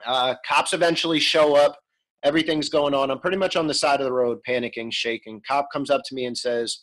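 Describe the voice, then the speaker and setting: This interview guest, a man in his thirties, speaks quickly in a mid-range voice that's a bit bright. The recording is rough, and his candid, conversational storytelling is peppered with ums and false starts.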